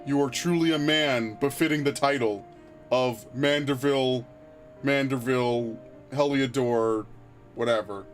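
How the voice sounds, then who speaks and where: A man voicing a boastful doting father who talks in a slow, grandiose, mock-sentimental way. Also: medium pitch, soft background music, natural voice.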